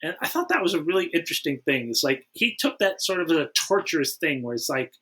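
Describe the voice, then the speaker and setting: A man's voice: a little high, very animated, fast, sharp tone, slightly rough. A man hosting a casual movie podcast, fondly retelling scenes in a rambling way. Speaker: podcast host. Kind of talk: casual film chat.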